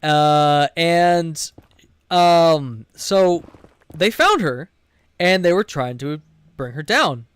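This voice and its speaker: A man's voice: fairly high pitch, lively intonation, very slow, fairly bright tone, smooth, no room sound. A man streaming a game while telling a rambling, profane story from the tabletop game he runs, often breaking off mid-sentence. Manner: rambling, profane, self-interrupting. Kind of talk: casual storytelling while gaming.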